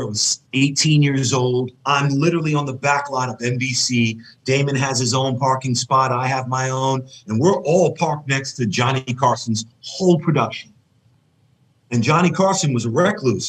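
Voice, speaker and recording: A man's voice: medium pitch, low-quality recording. A man chatting casually on a podcast, reacting briefly and telling a story from his past. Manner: reminiscing storyteller, quick reactions. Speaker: podcast guest.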